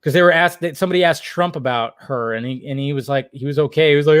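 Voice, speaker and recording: A man's voice: a little high, fast, smooth, dry recording, studio quality. A young man hosting a casual livestream, reading chat and rambling, jokey and full of swearing.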